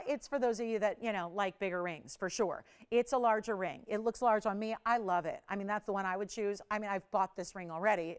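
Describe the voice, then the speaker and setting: A woman hosting a live TV shopping show, pitching with urgent countdowns and chatty, confiding asides from a studio. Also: smooth. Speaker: shopping channel host.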